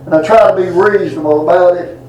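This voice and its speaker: A man's voice: high-pitched, quick pace, a little mellow, far from the mic, a little hiss or hum. A middle-aged man preaching a folksy sermon to a responsive congregation. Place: church sanctuary. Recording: echoey church room.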